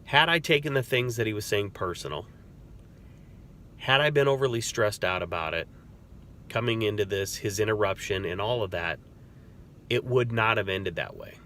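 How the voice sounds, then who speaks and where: Man, corrections officer type, bright forceful voice, relaxed storytelling delivery. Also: on the low side, normal speed, pauses often, a little hiss or hum. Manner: earnest, conversational, storytelling. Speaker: corrections officer and crisis negotiator. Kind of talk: casual advice talk with stories.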